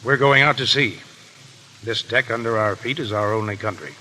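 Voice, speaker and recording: An actor playing a proud, brooding pirate captain in a 1930s radio play. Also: male voice, on the low side, normal speed, bright, forceful tone, a little hiss or hum, poor audio. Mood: grave.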